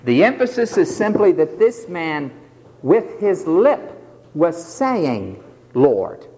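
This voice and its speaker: A man's voice: high-pitched, very animated, slow, dark tone, big-room sound. A man preaching a sermon in an emphatic, dramatic way, acting out the voices he quotes.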